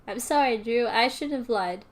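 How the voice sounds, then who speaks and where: A woman's voice: a little high, normal speed, voice pushed down, lightly acted. A woman voicing a guilty, people-pleasing teenage boy in her fan fiction, defensive and apologetic. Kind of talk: reading fan fiction aloud.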